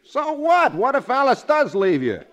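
A man's voice: very high-pitched, huge pitch swings, normal speed, fairly bright tone, exaggerated voice. A man playing a brash, slangy, wisecracking male pal and secretary in a 1940s radio sitcom. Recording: old radio broadcast with studio audience.

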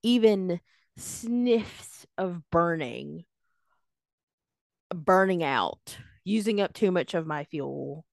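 A young woman co-hosting a podcast, talking casually in a rambling, animated way and acting out what people said. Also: on the low side, very slow, vocal fry, dry recording, studio quality. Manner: rambling, animated, acts out quoted voices. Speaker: podcast co-host. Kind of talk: casual chat.

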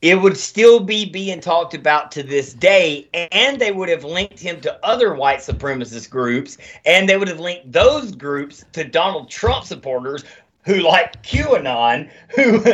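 A man hosts a casual podcast chat and rants with heavy swearing. His voice sits a little high and swings widely. The audio is dull and lo-fi. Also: a little slow. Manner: animated, profane ranting.

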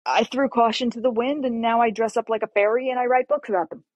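A woman novelist telling her story as an interview guest in an animated, conversational way. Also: a little high, fast, no room sound, highs cut off. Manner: animated, acts out dialogue while telling a story.

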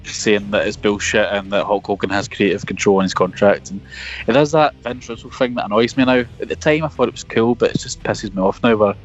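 A man's voice: on the low side, fairly even intonation, brisk, soft background music. Jokey man rambling from his car. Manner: jokey, rambling, laughs at himself. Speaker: podcast co-host. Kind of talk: casual chat about wrestling history. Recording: dull lo-fi remote audio.

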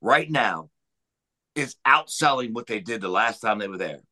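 A man's voice: lowish voice, expressive, moderate pace, bright, forceful tone, low-quality recording. A man on a podcast giving a heated, profane rant about pro wrestling. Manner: heated, profane, emphatic ranting.

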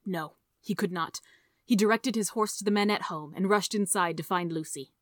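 A woman reading a story aloud in a steady, measured narration. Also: mid-range voice, no room sound, studio quality. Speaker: audiobook reader.

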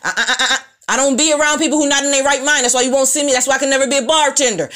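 A woman, ranting bluntly and profanely in an animated, opinionated monologue. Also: high-pitched, racing, hardly any pauses.

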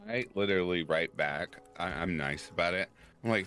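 A man's voice: low voice, normal speed, fairly bright tone, soft background music. A man talking casually as a guest on a livestream, chatty and laughing at his own jokes. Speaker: guest, narration channel creator. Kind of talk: casual chat.

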